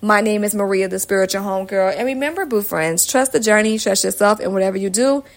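A woman from Atlanta hosting her own podcast, reading shout-outs to listeners in an upbeat, slangy, casual way. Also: mid-range voice, quick pace. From Atlanta, Georgia, USA. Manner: upbeat and slangy, reading off a long list of places. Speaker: podcast host.

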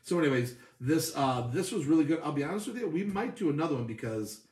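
A man's voice: a little high, expressive, fast, darkish tone, roomy sound, far from the mic. A man co-hosting a casual beer-tasting podcast, joking and bantering playfully. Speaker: podcast co-host.

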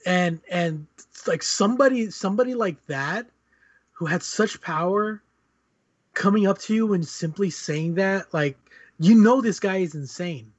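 Slightly high male co-host, muffled dry mic. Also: a little slow, husky, no echo. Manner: explanatory, hesitant with restarts. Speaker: podcast co-host. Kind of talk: casual discussion.

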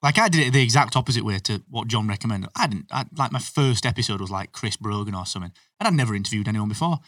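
A man hosting a podcast, chatting casually and giving opinions with quick asides. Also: fairly low pitch, animated, fairly bright tone, dry recording, clean studio sound, distant mic. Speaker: podcast host. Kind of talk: casual chat.

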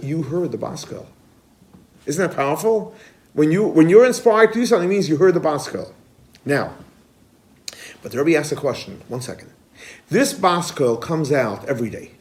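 Animated rabbi teaching a class. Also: male voice, on the high side. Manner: animated, asks the class questions and answers them himself. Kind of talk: lively spoken Torah lesson.

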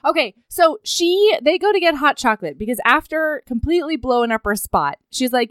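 A woman's voice: high-pitched, expressive, brisk, few pauses, no echo, studio quality. A woman co-hosting a podcast, playfully retelling a movie plot in casual chat and giggling often. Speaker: podcast co-host.

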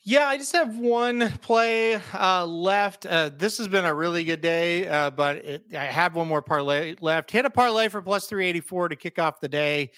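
Man, podcast co-host, casual chat, slightly high, tense bright tone. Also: moderate pace, few pauses, no room sound, studio quality. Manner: chatty, laughs at his own stories.

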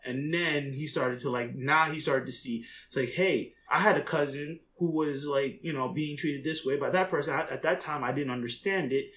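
A man's voice: medium pitch, fairly quick, a little hiss or hum. A young adult man in a casual opinion monologue, rambling and conversational, his voice jumping up when he quotes others. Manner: rambling, conversational, frequent "you know what I mean"; animated, voice jumps up when quoting others. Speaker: commentator.

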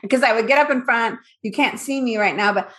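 Bright, higher-voiced woman in her fifties, guest on an interview, candid and lively. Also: fast. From Northern California. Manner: candid and animated, acts out her past thoughts. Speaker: guest, business owner. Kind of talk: casual interview chat.

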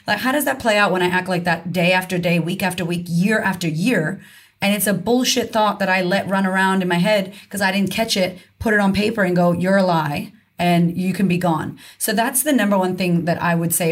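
A woman being interviewed as a confidence coach, speaking frankly and emphatically with casual swearing. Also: mid-range voice. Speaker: guest, confidence coach and author. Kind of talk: candid conversational interview.

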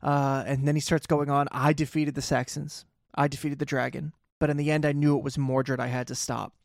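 A man's voice: fairly high pitch, flat delivery, a little fast, vocal fry, no echo, clean studio sound. A man co-hosting a casual podcast, animatedly recapping an episode and reading quotes aloud. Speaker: podcast co-host.

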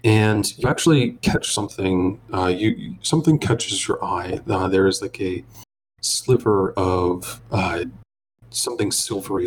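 A man narrating a tabletop role-playing game as game master, describing scenes in an unhurried way with small pauses. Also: sits low, a little hiss or hum.

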